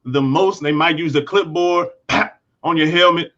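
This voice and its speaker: A man with a bright, forceful voice weighs in as a panelist in a casual discussion, thoughtful and halting. His sound comes through a dull, lo-fi microphone. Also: fairly high pitch.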